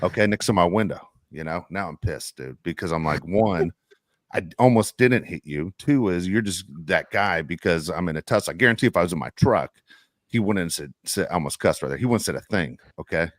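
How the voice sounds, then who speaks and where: Brief: low-pitched male podcast co-host, heated profane rant, dry sound. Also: lively intonation, fairly quick, no room sound. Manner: heated, profane, repeats "dude".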